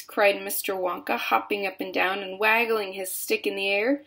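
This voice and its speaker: A woman reading a children's book aloud slowly and expressively. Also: mid-range voice. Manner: slow, steady, expressive reading. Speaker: storyteller.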